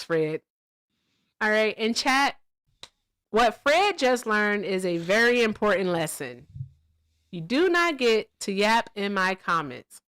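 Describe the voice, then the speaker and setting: A woman's voice: fairly bright tone, dry recording, clean studio sound. Chatty woman co-hosting a live stream. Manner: chatty, laughs often, mimics people in a much higher voice. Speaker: livestream co-host. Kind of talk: casual livestream chat.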